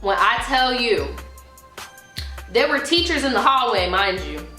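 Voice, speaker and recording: A woman vlogger telling a story in an animated, profane way, acting out quotes. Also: on the high side, a little slow, soft background music. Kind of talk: casual storytime. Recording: echoey room.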